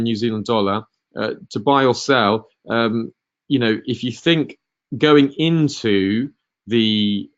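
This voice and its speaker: A man's voice: on the low side, lo-fi sound. A man hosting a live market-analysis webinar, answering viewer questions with many ums, uhs and restarts.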